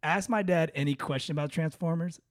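Male guest, higher voice, laughing, swearing, casual. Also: a little fast. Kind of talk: casual chat.

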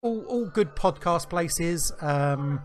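A man's voice: on the high side, lively intonation, slow pace, faint music behind. A man co-hosting a podcast, making dry teasing jokes. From United Kingdom. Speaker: podcast co-host. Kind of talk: casual podcast chat.

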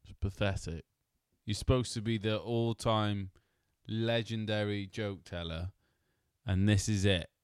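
A man's voice: fairly low pitch, fairly even intonation, unhurried, clear, resonant tone, no room sound, studio quality. A man hosting a podcast, chatting casually, teasing his co-host, swearing and laughing often. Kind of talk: casual chat.

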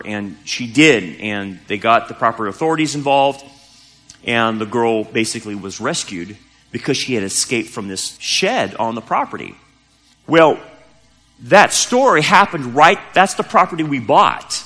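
In a church sanctuary with long hall reverb, a pastor preaches a sermon in an animated, bright, forceful mid-range voice at a moderate pace. He tells a story conversationally, with emphatic rises.

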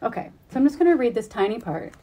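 A woman's voice: on the high side, sing-song, quick pace, dark tone. A woman interviewing an author, talking in an enthusiastic way and laughing often. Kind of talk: casual interview.

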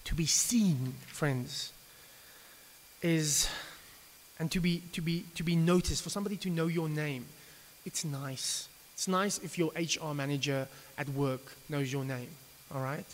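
A man preaching an evening sermon, talking conversationally and often stumbling and restarting his sentences. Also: fairly high pitch. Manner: conversational, with frequent stammered restarts. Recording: reverberant hall with faint hiss.

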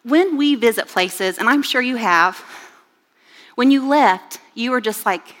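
A woman in her forties giving a sermon with personal stories, chatty and animated, with rising exclamations. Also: fairly high pitch, measured pace. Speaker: church speaker. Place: church sanctuary. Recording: reverberant church hall.

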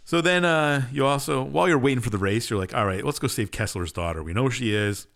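A man's voice: mid-range voice, quick pace, creaky, a bit bright. A man co-hosting a podcast, casually recapping a game's story in a laid-back, dismissive way. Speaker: podcast co-host. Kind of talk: casual chat, recapping a game plot.

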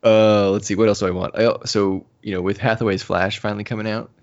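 A man's voice: on the low side, flat delivery, fast. A man co-hosting a podcast in casual chat, laughing often and restarting his sentences. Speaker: podcast co-host. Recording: muffled lo-fi audio.

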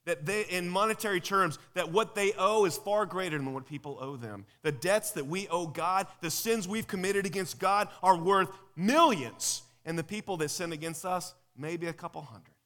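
This is a live sermon from a high-voiced man who talks at a moderate pace with few pauses, peppering the congregation with rhetorical questions in a relaxed, energetic style. It's captured with a long hall reverb.

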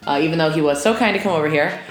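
A woman's voice: low-pitched, very fast, soft background music. A young woman co-hosting a podcast, chatty and playful, recorded in a sparse apartment. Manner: chatty and playful, rambling with fillers. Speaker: podcast co-host. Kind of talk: casual podcast chat. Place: sparse, empty apartment room. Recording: echoey empty room.

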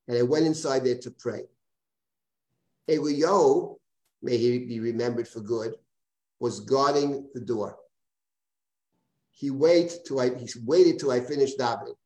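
A rabbi teaching a text study class, reading a passage aloud and translating it line by line. His man's voice is soft and mellow, and he often stops to repeat a word as he explains. It comes through roomy video-call audio with plenty of echo. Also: medium pitch. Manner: halting, repeats words while translating and explaining.

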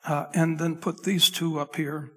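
Husky-voiced pastor in a reverberant hall. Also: male voice, on the high side, flat delivery, unhurried, pushed and bright. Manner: loose, chatty delivery with frequent restarts and asides to the tech crew. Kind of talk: conversational sermon. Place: church sanctuary. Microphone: microphone.

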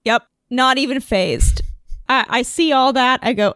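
A woman's voice: high voice, measured pace, a bit bright, dry recording, clean studio sound. A woman playing a tabletop game, talking casually with hesitant restarts. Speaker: player.

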